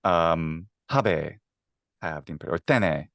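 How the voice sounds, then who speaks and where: Deep-voiced man explaining eagerly, dry sound. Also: lively intonation, vocal fry, fairly bright tone, no echo. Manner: enthusiastic, halting with many fillers and restarts. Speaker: guest, Latin teacher. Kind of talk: casual interview explaining Latin.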